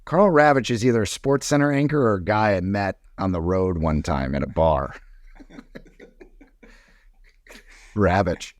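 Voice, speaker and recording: A man's voice: low-pitched, unhurried, long pauses. A man chatting as a podcast guest, telling long rambling stories full of fillers and restarts. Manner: rambling storyteller, many fillers. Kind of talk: casual chat.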